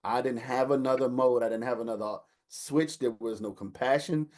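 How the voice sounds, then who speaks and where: A man, telling a lively family story in casual chat and acting out the voices of the people in it. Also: medium pitch, moderate pace. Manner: animated storyteller, acts out quotes, laughs while telling. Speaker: older brother telling a story.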